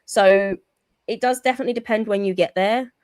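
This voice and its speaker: A British woman, a wrestling backstage interviewer, chatting casually as a podcast guest, quick and full of "like". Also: medium pitch, a little mellow, no echo. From England. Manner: chatty, quick, says "like" a lot. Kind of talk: casual chat.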